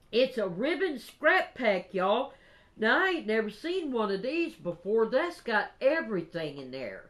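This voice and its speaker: A woman chatting casually while unboxing craft gifts, gushing and excitable with drawn-out exclamations. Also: on the high side. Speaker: crafting vlogger.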